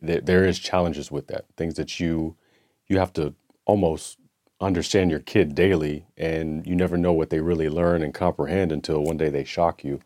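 Deep-voiced guy hosting an interview, long rambling questions, dry close sound. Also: steady tone, moderate pace, no echo. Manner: warm-up questions with long, rambling setups and restarts. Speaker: interview show host. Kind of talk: conversational interview.

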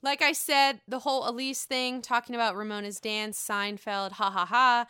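A woman chats through her solo podcast in a gossipy, playful way and swears freely. Her voice sits fairly high and sounds bright and crisp. The sound is close and dry, with no room echo. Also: fairly even intonation, normal speed. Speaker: podcast host. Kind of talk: casual solo podcast recap.

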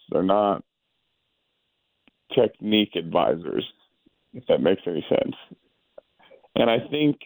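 Gravelly former ballplayer, thoughtful. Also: male voice, mid-range voice, darkish tone, dry recording, rough recording. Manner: thoughtful, halting, restarts phrases. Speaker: guest, former baseball player. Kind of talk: casual interview.

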